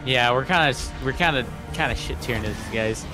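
A man's voice: medium pitch, fairly quick. Young man grumbling over a game. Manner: swearing, complaining, laughing between runs. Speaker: gamer streaming with friends. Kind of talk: casual gaming chat. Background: game music.

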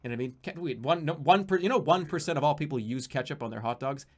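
A man's voice: a little high, fast, breathy edge. A man from the United States streaming live, chatting casually in a rambling, profane, joking way with many restarts.

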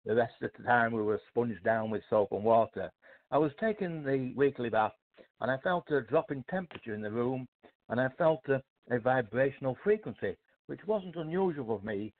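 An older man with a British accent, a guest author telling his life story in a modest, measured way with hesitant fillers. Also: mid-range voice, lively intonation. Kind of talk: storytelling in a casual interview. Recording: tinny phone-like line.

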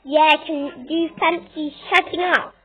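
A woman putting on a mocking, taunting girl's voice, loud and sing-song, on tinny phone audio. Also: high voice, fairly even intonation, slow, pitched above the performer's own voice.

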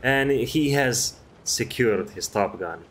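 A man's voice: mid-range voice, expressive, slow pace, a bit bright, a little hiss or hum. A man casually commenting on a game replay, rambling and chatty, swearing freely. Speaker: gameplay commentator.

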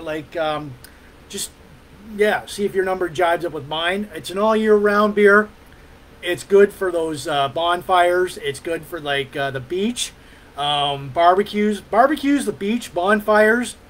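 A middle-aged podcast host from Ontario, Canada speaks in a high-pitched, slightly bright voice, recorded in poor audio with slight background noise. His casual, rambling chat is loose, full of fillers and hums, with the odd swear.

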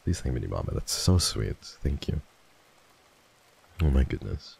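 A man's voice: extremely low pitch, big pitch swings, measured pace, creaky, darkish tone, husky. A man streaming live and chatting casually with his viewers, playful and teasing, swearing freely and slipping into theatrical voices. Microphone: desk microphone.

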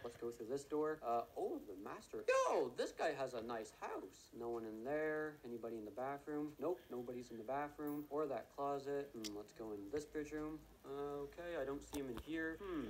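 Excitable man narrating his gameplay. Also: medium pitch, brisk, few pauses, slight background noise, rough recording. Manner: excitable, gasping and exclaiming often; talks to viewers and teammates. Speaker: gaming video creator. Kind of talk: live gameplay commentary.

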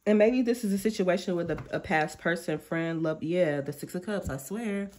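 A woman with a lowish voice gives a casual tarot reading straight to her viewers. She talks in a chatty, slangy way, and often breaks off her own sentences to act out what someone might be thinking. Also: moderate pace. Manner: chatty, animated, slangy and self-interrupting, acting out quoted thoughts. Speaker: tarot reader.

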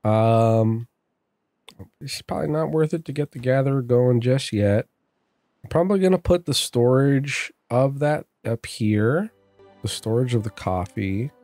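A man's voice: medium pitch, dark tone. Chatty man narrating his gameplay. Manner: chatty, talks to himself and his in-game workers. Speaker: gameplay streamer. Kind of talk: casual gameplay commentary. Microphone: dynamic mic on boom arm.

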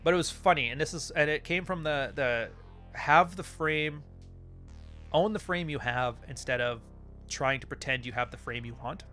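A man's voice: a little high, moderate pace, pushed and bright, faint music behind. A man hosting a podcast, telling stories in a blunt, profane, casual monologue. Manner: blunt and profane, storytelling with acted-out quotes. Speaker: podcast host.

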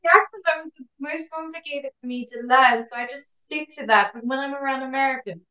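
A woman guest with a fairly high voice chats in a lively, storytelling way, dropping French words into her English and laughing a lot. The room around her rings with a roomy echo. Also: a little fast. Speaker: actress guest. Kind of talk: casual interview chat.

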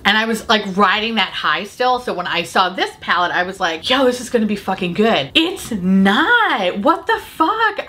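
A woman beauty vlogger ranting casually to camera, swearing a lot, sarcastic and quick to laugh. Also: medium pitch, sharp tone. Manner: profane, sarcastic, laughing often.

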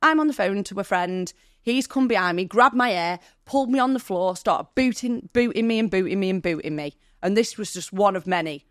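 A woman's voice: medium pitch, brisk, hardly any pauses, fairly bright tone, no room sound, clean studio sound. Woman telling a raw personal story. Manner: candid, vivid retelling with quoted dialogue; emotional, near tears. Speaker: podcast guest.

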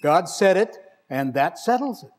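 A man preaching a sermon in a fairly high voice. His delivery is conversational and wry, and he leans hard on key words when he reads scripture aloud. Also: sing-song, unhurried. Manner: wry, conversational storytelling with emphatic scripture reading.

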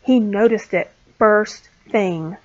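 A woman teacher reading a storybook aloud to small children, clear and expressive. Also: mid-range voice, slow pace. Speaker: pre-K teacher. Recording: dull lo-fi sound.

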